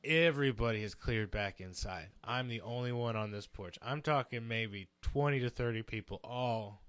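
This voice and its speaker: Animated young man telling a story, dry sound. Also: medium pitch, normal speed, smooth, no echo. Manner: animated, swearing, acts out quotes. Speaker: podcast guest storyteller. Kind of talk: casual storytelling chat.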